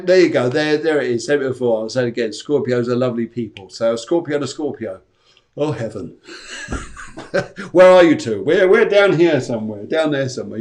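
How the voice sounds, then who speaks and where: A man's voice: fairly high pitch, darkish tone. A man, a psychic medium, hosting a live-stream show in a chatty, jokey, rambling way. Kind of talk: live-stream reading chat.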